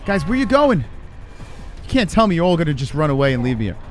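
A man giving live commentary on his own gameplay, swearing and reacting in excitable panic. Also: a little high, brisk, soft background music. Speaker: streamer.

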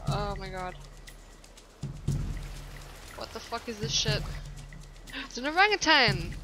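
A young woman giving casual, profane let's-play commentary, reacting loudly and insulting her own game character. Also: medium pitch. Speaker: gameplay commentator.

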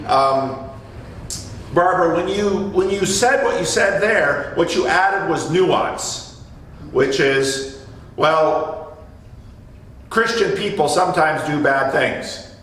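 A man's voice: fairly high pitch, animated, takes it slowly, pauses often, fairly bright tone, slight background noise. A man leading a Bible study in a church meeting room, explaining a passage in a chatty way and often restarting his phrases. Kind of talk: conversational Bible teaching. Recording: echoey room, mic from a distance.

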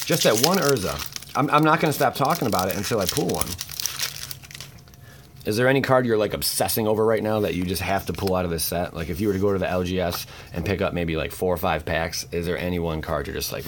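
A man chatting casually while opening card packs, excitable and goofy, with rambling asides and hushed whispers when he gets tense. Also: sits low, brisk, a little hiss or hum. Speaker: card pack opening host.

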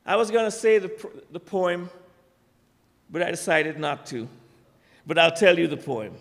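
A man's voice: fairly high pitch, animated, measured pace, gravelly. A man preaching a sermon, emphatic, with rising declarations. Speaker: pastor. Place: church sanctuary. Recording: church sanctuary with long reverb.

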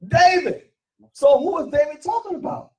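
A man's voice: very high voice, expressive, moderate pace, darkish tone, far from the mic, low-quality recording. A man leading a call-and-response Bible lesson, emphatic and questioning, often repeating his phrases. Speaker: teacher leading Bible study.

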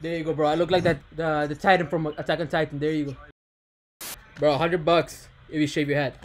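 A man's voice: on the high side, level tone, fairly quick. A young man hosting a playful video chat with strangers, teasing and hyping them up and calling everyone bro. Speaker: host. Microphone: webcam video chat.

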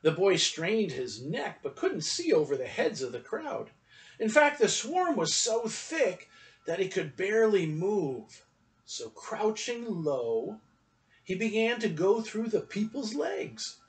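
A man reading a children's story aloud at a church story time, in an expressive storytelling manner. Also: sits high, slow pace, recorded from a distance, poor audio.

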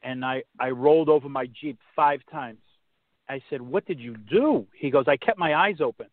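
A man on a podcast telling a faith story casually, halting and restarting, turning preachy when he quotes scripture. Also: medium pitch, dry recording. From Massachusetts. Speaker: podcast guest. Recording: tinny phone-line sound, dry.

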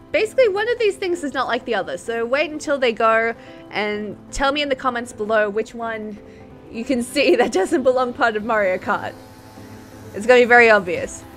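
A woman in her twenties chatting casually as a YouTuber in a reaction vlog, gushing and excitable and laughing often. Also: fairly high pitch. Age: 20s.

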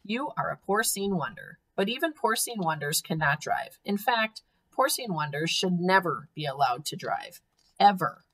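A woman reading aloud a storybook, voicing a doting, excitable middle-aged man who gushes over his pet. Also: lowish voice, moderate pace, poor audio. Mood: excited. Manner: gushing, dramatic exclamations.

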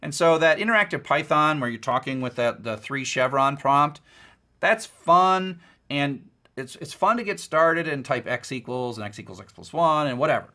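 A man's voice: medium pitch, animated, brisk, few pauses, bright, forceful tone. A middle-aged man, a university lecturer, giving a recorded course lecture in a conversational, folksy way with playful examples.

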